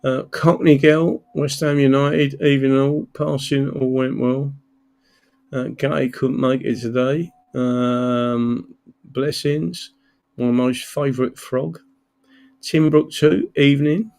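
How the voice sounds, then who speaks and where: A man's voice: medium pitch, fairly even intonation, takes it slowly, creaky, darkish tone. A tired man from England hosting a casual livestream, greeting viewers by name and rambling with many fillers. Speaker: livestream host. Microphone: computer mic, camera off.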